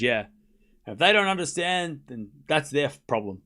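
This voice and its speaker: A man's voice: fairly high pitch, sing-song, moderate pace, bright, forceful tone. A man hosting a live tennis watchalong stream, chatting casually and sarcastically teasing viewers, rambling with restarts.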